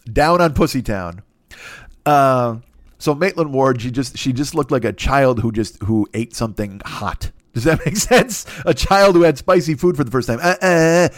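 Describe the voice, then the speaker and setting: A podcast host tells a crude comedic story in a rambling, profane way, frequently imitating other people in high-pitched voices. The recording is studio quality with no room sound.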